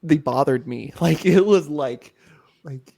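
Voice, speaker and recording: Young male co-host, slightly high voice, rambly and giggly, loses his thread. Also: takes it slowly, gravelly, mellow, slightly rough. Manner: rambling, laughs often, trails off mid-sentence. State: has hiccups. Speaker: podcast co-host. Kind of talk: casual chat.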